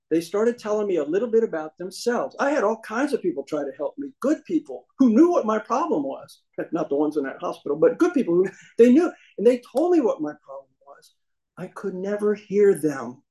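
At a meeting, a man shares his recovery story with the audience, his voice pitched slightly higher than a typical man's. His delivery is folksy and funny, and he imitates the voices of the people he quotes. The tone is dark and the recording is rough.

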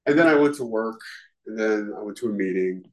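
A man's voice: lowish voice, brisk, a little mellow, low-quality recording. Candid man telling his recovery story. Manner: candid, self-deprecating, peppered with "you know". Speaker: speaker sharing at a recovery meeting. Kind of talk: candid personal testimony.

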